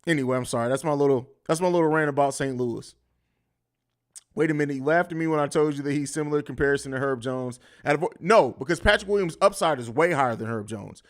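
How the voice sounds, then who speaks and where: High-voiced profane sports host. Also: male voice, quick pace. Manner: blunt, profane, riffing. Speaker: podcast host. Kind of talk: live-stream sports talk.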